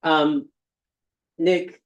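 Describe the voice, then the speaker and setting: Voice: medium pitch, steady tone, extremely slow. A host running a live video call in an upbeat, gushing manner, thanking and introducing guests. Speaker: event host.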